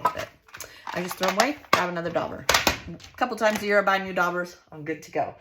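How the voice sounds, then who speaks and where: A woman's voice: lowish voice, fairly even intonation, quick pace, very noisy. A middle-aged woman hosting a crafting video, chatting casually and homely to her viewers as she works at her craft desk. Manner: chatty and homey, talks to viewers directly. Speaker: scrapbooking channel host. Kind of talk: casual crafting tutorial chat.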